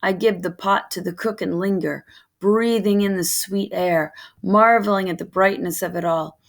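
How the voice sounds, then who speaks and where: A woman reading a children's novel aloud in steady first-person narration. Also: medium pitch, moderate pace. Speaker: reader of a novel.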